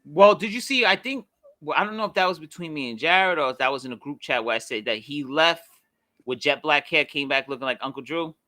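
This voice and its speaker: A man talks in loose, animated podcast banter, his voice bright and forceful. He sits slightly high for a man and swears freely as he riffs. The sound is close and dry, with no room around it. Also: brisk, no echo. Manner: animated, swears freely, puts on mock accents for jokes. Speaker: podcast co-host. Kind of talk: casual chat.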